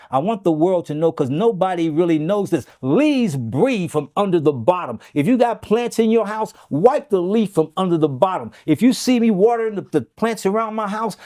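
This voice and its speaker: A man talking casually about home health remedies, telling animated stories and often adding "okay?". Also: fairly high pitch. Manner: animated storytelling, acts out his grandfather's voice; emphatic, keeps adding "okay?". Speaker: health talk guest.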